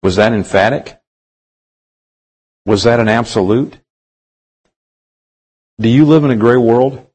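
A male preacher delivering a sermon to his congregation. He reads scripture with slow, deliberate emphasis and keeps pressing his listeners with rhetorical questions. His pitch sits in an ordinary middle range for a man. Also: a little mellow, slightly rough, poor audio.

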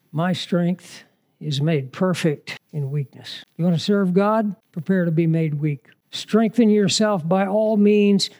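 A man's voice: high-pitched, a little mellow. A man preaching a sermon in a conversational manner, mixing scripture reading with humorous asides.

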